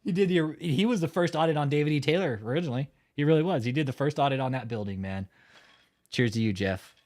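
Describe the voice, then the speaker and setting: A man's voice: on the high side, fast talker, darkish tone. Profane, laughing livestream host man. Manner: profane, mocking, laughs often. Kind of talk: casual livestream chat reading viewer comments.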